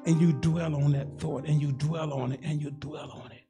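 A man's voice: a little high, fairly even intonation, normal speed, over music. A man in his sixties preaching a sermon as pastor, in a folksy, rhythmic style that repeats phrases and calls for responses from the congregation. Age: 60s.

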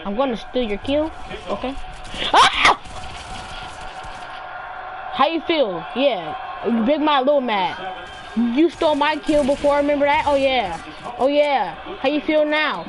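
A high-pitched woman gaming and talking casually over voice chat. She taunts a teammate again and again, breaking into loud yelling outbursts. Her delivery is playful, repetitive and brash. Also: animated, moderate pace. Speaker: gamer.

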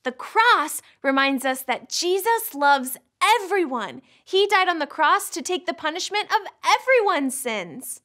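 Very high, excited woman hosting kids' church. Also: a little slow, hardly any pauses. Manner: excited, addresses kids as friends. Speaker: children's ministry host. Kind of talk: children's church lesson.

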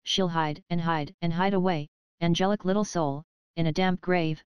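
A woman's voice: on the low side, fairly even intonation, moderate pace, clear, resonant tone, no echo, dull audio, lightly acted. A woman reading as a frightened old nurse. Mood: tearful. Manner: trembling, doleful pleading.

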